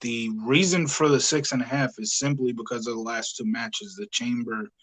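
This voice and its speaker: Casual guy hosting a wrestling-review podcast, mid pitch, rambly easygoing chat, lots of uh's. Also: steady tone, moderate pace, a bit bright, poor audio. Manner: talkative, easygoing, frequent "uh" and "yeah". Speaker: podcast host.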